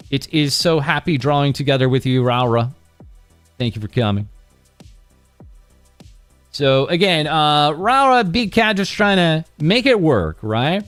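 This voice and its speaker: A man's voice: medium pitch, clear, resonant tone, no room sound. Rambling man hosting a news show. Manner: rambling, full of uhs and laughs. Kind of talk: casual commentary over clips.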